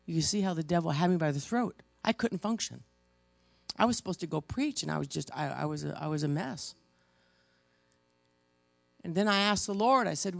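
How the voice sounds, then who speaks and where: A woman preaching a sermon, emotional and halting, pausing between stressed words. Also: fairly low pitch, lively intonation, dry recording. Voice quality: gravelly.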